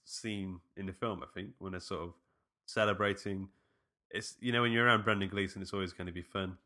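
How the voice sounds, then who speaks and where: A man's voice: sits low, steady tone, a little fast, pushed and bright. A man co-hosting a casual film podcast, rambling with many fillers. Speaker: podcast co-host.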